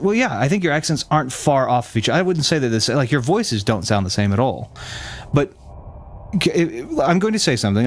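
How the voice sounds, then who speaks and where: A man from the Southern United States with a neutral General American accent, hosting a game stream and chatting with viewers in a rambling, self-correcting way. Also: medium pitch. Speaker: streamer host. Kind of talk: casual stream chat with viewers.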